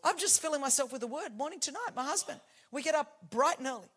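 A woman in her forties delivers a fervent sermon in a high, bright voice. She drops to near-whispers for intimate points, then rises to shouted declarations. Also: expressive, fast talker. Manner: passionate, swings from hushed to shouting. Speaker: preacher.

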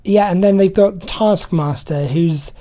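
In a warm, unhurried voice on the lower side, a British woman hosting a radio show discusses films casually. She is chatty and eager and often breaks into laughter.

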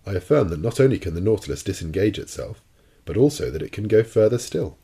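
A man's voice: deep voice, sing-song, brisk, dark tone, breathy edge, full character voice. A man voicing a proud, cool-headed sea captain in an audiobook, speaking with dry irony and total confidence. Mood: ironic. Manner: ironic and cold, unshakably confident. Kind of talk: audiobook character reading.

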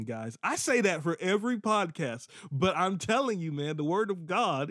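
A man's voice: fairly high pitch, no echo, clean studio sound. A man preaching a podcast sermon, repeating phrases for emphasis and breaking into sudden whoops and exclamations.

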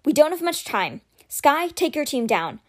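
Woman doing a young male leader, commanding, brisk orders, lively pitch.

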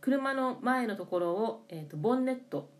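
A woman's voice: on the high side, lively intonation, quick pace. A Japanese woman co-hosting a language lesson, asking about words and repeating them back. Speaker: co-host asking questions.

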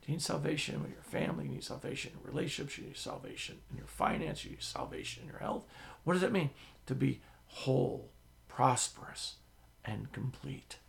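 A man preaching a sermon as the pastor, telling stories with sudden drops to a whisper and swells of loudness. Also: medium pitch, a little fast, gravelly. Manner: animated storytelling, drops to a whisper and swells loud.

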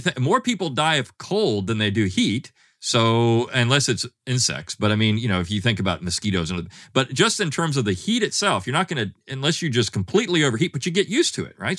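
A man speaking as a guest historian in a podcast interview, animated, with frequent restarts and fillers. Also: medium pitch, dry recording, clean studio sound.

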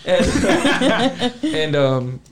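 Animated, profane man telling a story. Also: high-pitched, extremely slow, noisy background. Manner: animated, profane, acts out quotes. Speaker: podcast co-host. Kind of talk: casual storytelling chat.

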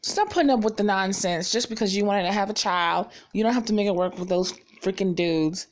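A young woman vlogging in casual chat, blunt and animated, swearing freely and filling her talk with "like". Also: mid-range voice, a little fast.

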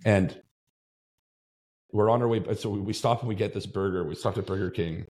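A man's voice: fairly low pitch, normal speed, darkish tone. A male podcast host telling a story in casual chat, rambling and swearing freely, tagging his sentences with "right?". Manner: rambling, profane, tags lines with "right?".

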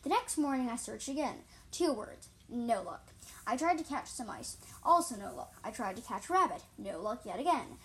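A woman's voice: fairly high pitch, big pitch swings, moderate pace, a bit bright, low-quality recording. A woman reading her own story aloud, often tripping over words and correcting herself. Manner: frequent slips and self-corrections. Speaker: reader.

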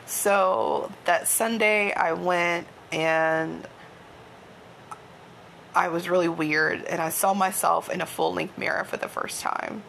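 A woman's voice: fairly low pitch, fairly even intonation, takes it slowly, vocal fry, a bit bright, a little hiss or hum. A woman, hosting and candidly telling a self-deprecating personal story, often laughing. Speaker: podcast host. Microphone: home microphone.

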